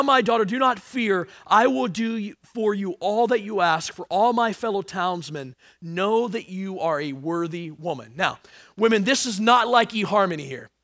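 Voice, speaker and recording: A man preaching a sermon with a high, bright voice that moves from loud emphatic passages down to near-hushed lines. He throws in joking asides for the congregation. The sound is dry and close, with little room around it. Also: dry recording. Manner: animated, swings from loud emphasis to hushed tones. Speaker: pastor.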